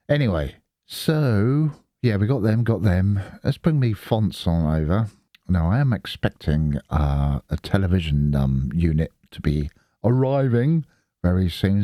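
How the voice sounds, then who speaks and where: A man's voice: low voice, warm tone, no room sound, studio quality. A middle-aged man from the Isle of Wight, chatting in a rambling way and swearing freely while he records his screen. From Isle of Wight, England. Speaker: Linux video host. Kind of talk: casual screen-recording commentary.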